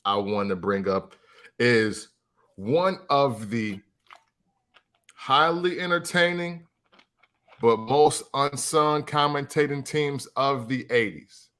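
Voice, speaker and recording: A man's voice: mid-range voice, takes it slowly, long pauses, fairly bright tone. A man co-hosting a casual podcast, laid-back and laughing often. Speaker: podcast co-host.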